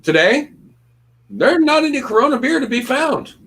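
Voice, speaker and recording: Animated man telling a casual story. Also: very high-pitched, normal speed, gravelly, husky. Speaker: co-host of a reselling podcast. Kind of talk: casual chat among friends.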